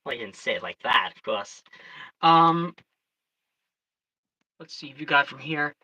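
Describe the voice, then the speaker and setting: Bright voice, casual livestream chat, rambling, excitable, desk mic. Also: mid-range voice, unhurried, pauses often, poor audio. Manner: excitable, rambling, full of restarts. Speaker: livestreaming storyteller.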